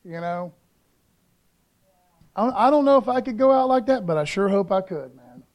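High-voiced laid-back preaching man. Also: expressive, normal speed, darkish tone. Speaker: pastor. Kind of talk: casual sermon.

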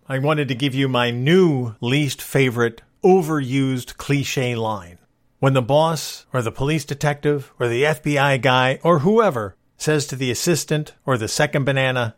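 A man's voice: mid-range voice, lively intonation, moderate pace. A man hosting a casual solo podcast, talking in a wry, exasperated way. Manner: wry, exasperated complaining about movie cliches. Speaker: podcast host.

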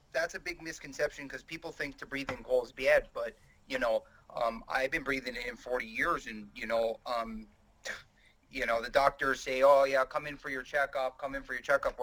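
A man's voice: medium pitch, fairly quick, fairly bright tone, lightly acted, low-quality recording. A man voicing a proud, rambling middle-aged coal miner with a Pennsylvania Dutch accent, hesitant and full of ums. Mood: folksy.

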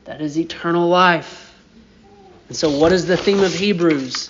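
Slow-preaching man, dull lo-fi sound. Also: on the high side, slight background noise. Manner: deliberate preaching with rising emphatic peaks. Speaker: pastor. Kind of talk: sermon.

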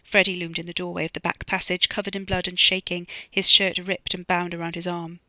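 An author narrates their own dark comic thriller in a measured, steady way. The tone is bright and forceful, and the recording is dry and close with no room sound. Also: medium pitch, dry recording. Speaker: author reading own novella. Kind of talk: audiobook narration.

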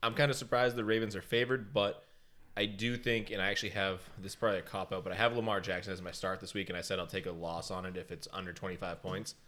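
A man co-hosting a casual fantasy football chat, excitable and self-mocking. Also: low-pitched, fast. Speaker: podcast co-host.

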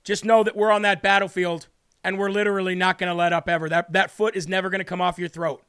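A man hosting a talk show, ranting loudly and emphatically through political commentary with indignant outbursts. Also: high voice, little pitch movement, fast, clear, resonant tone.

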